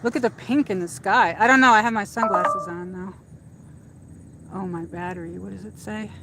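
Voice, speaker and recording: A woman's voice: mid-range voice, moderate pace, very noisy. A woman hosting a casual livestream while walking outdoors, chatting in a rambling way with lots of fillers, speaking into a handheld phone. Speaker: livestream host. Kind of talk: casual walk-and-talk chat. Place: outdoors in a shopping area at dusk.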